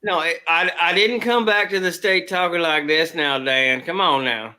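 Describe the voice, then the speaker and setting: A man's voice: fairly high pitch, moderate pace, bright, forceful tone. A man from Florida chatting on a live stream, rambling and joking. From grew up in Florida, now in Michigan. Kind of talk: casual live stream chat.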